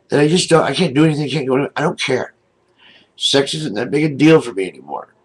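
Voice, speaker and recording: An older man ranting angrily to his camera from home, indignant and aggrieved, with a husky voice. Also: mid-range voice, rough recording. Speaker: video blogger. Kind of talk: angry webcam rant. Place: home, seated in a wheelchair.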